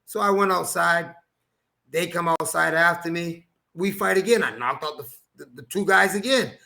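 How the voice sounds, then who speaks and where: A man telling a personal story as an interview guest, animated, acting out quoted dialogue and laughing often. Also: fairly high pitch, normal speed, creaky. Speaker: guest, former boxer.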